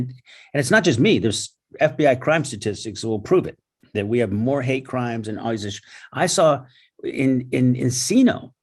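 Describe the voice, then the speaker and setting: A man with a medium-pitched, creaky, husky voice and darkish tone speaks over a video call from a Los Angeles area home. Acting as host and guest speaker, he talks in a casual storytelling way, earnest but prone to stumbling over words and repeating them.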